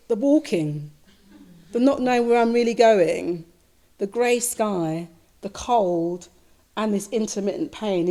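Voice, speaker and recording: A woman Buddhist teacher giving a dharma talk, slowly recounting a dream in a reflective, repetitive way with soft fillers. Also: mid-range voice, expressive.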